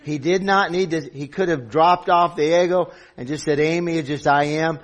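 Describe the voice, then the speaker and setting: A man's voice: a little high, fairly even intonation, moderate pace. A middle-aged man preaching a sermon as pastor, earnest and building to emphatic peaks.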